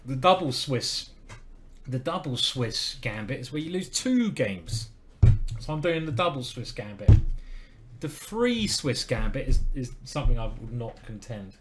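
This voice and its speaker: A man's voice: mid-range voice, sing-song, measured pace, fairly bright tone, soft background music. A man streaming live, commenting on his chess games and chatting to viewers with self-deprecating asides.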